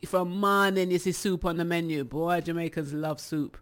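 A woman with a British accent, chatting casually to her viewers as a rambling, animated storyteller. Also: fairly low pitch, moderate pace. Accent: British English. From England. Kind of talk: casual chat.

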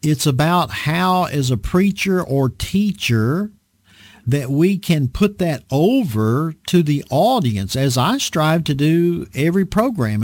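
A male preacher giving an earnest, unhurried sermon-style talk on a program, with frequent fillers and restarts. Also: mid-range voice, a little mellow, dry recording.

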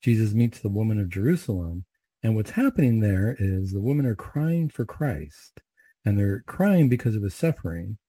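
A man with a low, very mellow voice recites Catholic prayers, then talks through a faith reflection in an easy, conversational way. His voice is a touch husky and recorded close and dry. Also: very animated, normal speed, no echo, rough recording. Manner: plain conversational, with fillers and rhetorical questions. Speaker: Catholic speaker leading prayer.

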